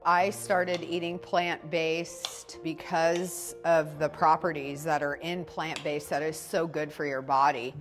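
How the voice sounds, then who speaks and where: A woman talking calmly and affectionately in a casual video diary. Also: deep voice, slow pace, hardly any pauses, over music. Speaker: fiancée.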